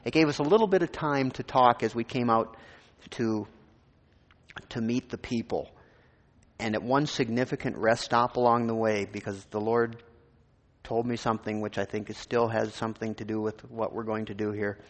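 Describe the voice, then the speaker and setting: A man's voice: on the low side, steady tone, moderate pace, big-room sound. A man from Minnesota, a pastor, telling his personal testimony in a sermon in an informal, rambling way with many restarts.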